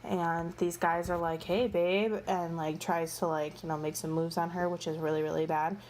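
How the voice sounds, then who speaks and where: Over a faint hiss or hum, a woman with a low, slightly mellow voice speaks at normal speed with flat delivery. She's a book reviewer chatting casually, recounting a book series in rambling, exasperated gossip full of "like" and "you know."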